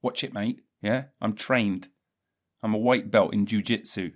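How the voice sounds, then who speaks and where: A man's voice: fairly low pitch, a little slow. A young man hosting a solo podcast, rambling and self-mocking, with a lot of swearing. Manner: scattered, self-mocking, swears a lot, drifts into silly voices. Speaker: podcast host.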